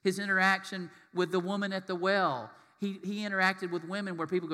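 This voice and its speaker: Male pastor, high-pitched, sermon delivery in a reverberant hall, questions the congregation and acts out quoted voices. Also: level tone, brisk, hardly any pauses, pushed and bright.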